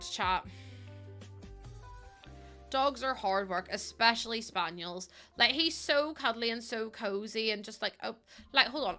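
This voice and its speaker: A young woman chatting casually while streaming a building game, rambling and bubbly with plenty of ums. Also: a little high. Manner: bubbly, greets chat warmly. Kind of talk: casual live-stream chat.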